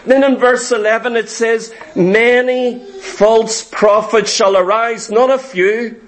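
A man preaching a sermon, emphatic and deliberate, repeating phrases for stress. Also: extremely high pitch, steady tone, low-quality recording. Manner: slow, deliberate delivery.

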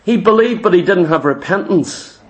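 A man's voice: high voice, expressive, moderate pace. A man preaching a sermon, emphatic and fervent, retelling scripture with vivid asides.

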